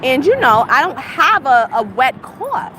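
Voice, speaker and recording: A woman's voice: high-pitched, very animated, measured pace, sharp tone, low-quality recording. Upset woman venting with a dry cough. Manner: upset, repetitive rhetorical questions. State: dry cough, clearing throat. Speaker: vlogger. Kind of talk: venting vlog monologue. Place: outdoors on a city street, heading to a train. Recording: street noise behind.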